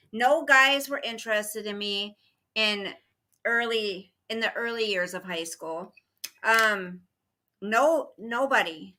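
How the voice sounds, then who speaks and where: A woman's voice: medium pitch, pushed and bright, slight background noise. A middle-aged woman hosting a casual livestream, rambling through a story and greeting viewers by name as they arrive. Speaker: livestream host chatting with viewers.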